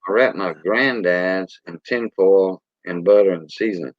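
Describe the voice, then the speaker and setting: A man with a Cajun accent hosts a casual livestream, rambling in a folksy way and greeting viewers by name. His voice sits low and his pace is measured, heard through a dull, lo-fi, dry recording with no room sound.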